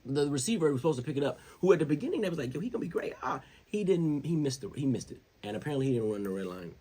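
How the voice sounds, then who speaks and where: A man hosting his own show, talking football in a casual, slangy, rambling way that gets more animated as he goes. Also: fairly high pitch, rapid-fire, husky. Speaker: show host. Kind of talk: casual sports commentary.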